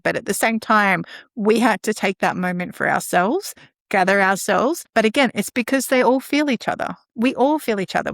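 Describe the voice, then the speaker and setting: Animated woman acting out kid dialogue. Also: medium pitch, no echo, studio quality. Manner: animated, acts out dialogue with children. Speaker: guest speaker on caregiving. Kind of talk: conversational podcast talk.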